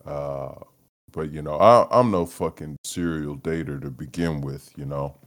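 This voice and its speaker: A man hosting a solo podcast, rambling in a low-energy, profane way, trailing off and laughing as he talks. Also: measured pace. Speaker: podcast host. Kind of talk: solo casual rant.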